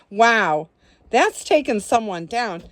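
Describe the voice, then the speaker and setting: Giggly woman vlogger, lively voice. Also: fairly high pitch, background noise. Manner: giggly, exclaims often, coos at her dog. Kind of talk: casual vlog talk.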